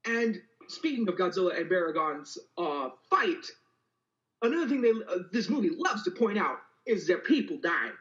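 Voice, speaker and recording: A man's voice: high-pitched, very animated, normal speed, fairly bright tone, muffled recording. A man in a casual film discussion, talking as an eager fan in long explanatory run-ons. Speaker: podcast co-host.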